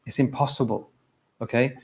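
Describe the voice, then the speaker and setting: A man's voice: medium pitch, fairly even intonation, moderate pace. A man giving an informal, conversational sermon at a mosque, addressing the congregation directly and often checking in with "okay?". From England. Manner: conversational, direct, frequent "okay?" and "look", brief laughs. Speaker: speaker at a mosque event. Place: mosque hall.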